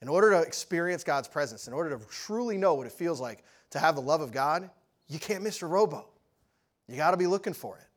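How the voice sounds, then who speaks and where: Lively storytelling preacher, man. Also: fairly high pitch, brisk. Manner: lively storytelling, asks audience questions. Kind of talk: sermon.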